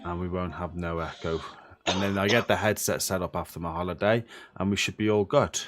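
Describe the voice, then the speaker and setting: A man's voice: deep voice, steady tone, brisk, a bit bright, soft background music. A young Welsh man hosting a live game stream, sleepy and swearing casually while reading out chat. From Wales. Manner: swears freely, reads chat names aloud. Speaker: streamer host.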